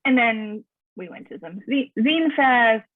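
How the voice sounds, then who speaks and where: A woman, a guest on an interview show, talking casually in a measured, slightly hesitant way. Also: on the high side, lively intonation, no room sound. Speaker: comic artist guest. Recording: tinny dry phone-like line.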